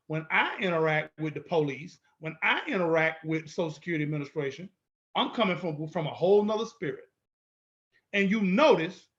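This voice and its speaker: Man, higher-pitched, bold and confrontational instructor; dull lo-fi recording. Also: a bit bright. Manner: emphatic, repetitive, bold and confrontational. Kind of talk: lecture-style video walkthrough.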